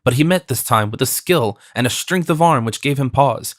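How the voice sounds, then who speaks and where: A man narrating an audiobook in a steady, even reading. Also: mid-range voice, normal speed, dry recording, clean studio sound. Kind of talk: scripted narration.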